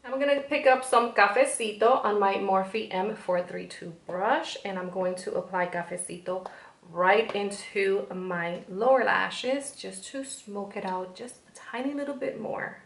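Beauty vlogger, woman, Spanish accent, chatty step-by-step tutorial voice-over, gravelly edges. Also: medium pitch, measured pace, roomy sound.

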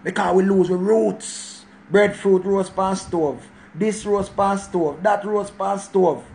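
A Jamaican man in his forties holds forth in a casual monologue rant, his voice sitting high for a man. He is preachy and emphatic and hammers each point by saying it again. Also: fairly even intonation, takes it slowly, vocal fry, darkish tone, a little hiss or hum. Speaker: channel host.

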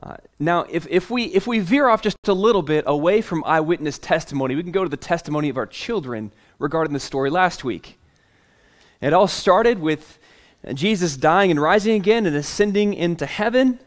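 A male pastor preaching a sermon with a voice that sits a little high. He tells a story in a lively, playful way and chuckles along, then eases into a softer, earnest tone to make his point. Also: brisk.

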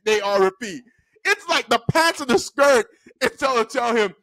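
A young man telling a school story in a casual, slangy, animated way, laughing often. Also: very high-pitched, moderate pace, creaky, no room sound. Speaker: storytime vlogger. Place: indoor room at a desk.

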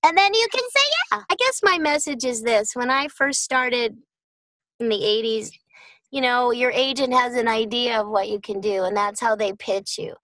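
A woman's voice: fairly high pitch, normal speed, fairly bright tone, dry recording, rough recording. A middle-aged voice actress talking casually and upbeat about her work, calling listeners darling. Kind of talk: casual chat.

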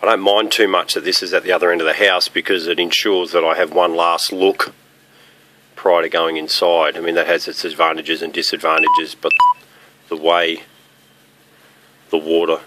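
Homeowner, deep voice with a bright tone, matter-of-fact outdoor walkthrough, faint pump noise. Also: male voice. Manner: plain, practical, matter-of-fact explaining with pauses. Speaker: homeowner demonstrating a fire sprinkler system. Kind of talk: casual walkthrough narration. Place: outdoors on a rural property near a running pump.

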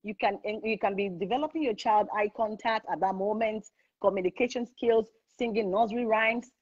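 A woman's voice: medium pitch, a little fast, darkish tone, slightly rough. A woman hosting a live online parenting chat, speaking emphatically and repeating her points for stress. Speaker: host. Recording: muffled lo-fi audio.

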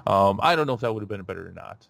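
A man hosting a podcast in a casual chat, rambling with lots of fillers and restarts and getting animated. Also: on the low side, rapid-fire, creaky. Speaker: podcast host.

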